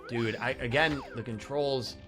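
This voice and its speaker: A man commentates his gameplay live, chatty and excitable as he thanks viewers and reacts to every hit. His voice has gone hoarse from hours of talking, and game music plays clearly behind him. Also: mid-range voice, a little slow. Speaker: game streamer.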